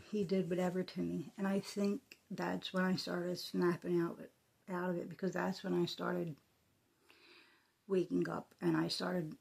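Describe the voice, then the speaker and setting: A woman telling a personal story in a soft, halting, emotional way, often dropping into a breathy whisper. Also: lowish voice. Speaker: vlogger.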